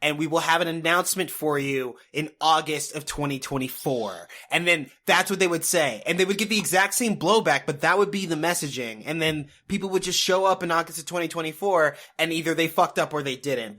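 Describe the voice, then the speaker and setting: Bright-voiced man in casual podcast chat. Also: a little high, fast, hardly any pauses. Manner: rambling, swears freely, bursts into loud laughter. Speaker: podcast co-host.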